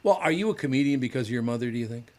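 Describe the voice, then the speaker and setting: A man's voice: medium pitch, lively intonation, rapid-fire, darkish tone. A man hosting a podcast in casual studio chat, blunt and joking, swearing offhandedly. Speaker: podcast host.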